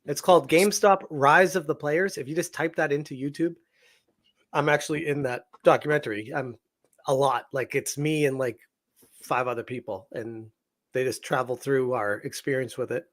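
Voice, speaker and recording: A man from Boston, a guest on a casual podcast, talking in an excited, rambling way. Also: medium pitch, moderate pace. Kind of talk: casual chat.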